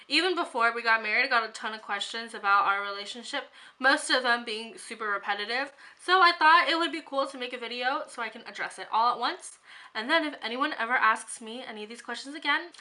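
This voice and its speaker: A woman's voice: high voice, sharp tone. A young woman vlogging in a chatty, rambling way, with a sore throat and an occasional cough. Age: young adult. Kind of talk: casual chat to camera.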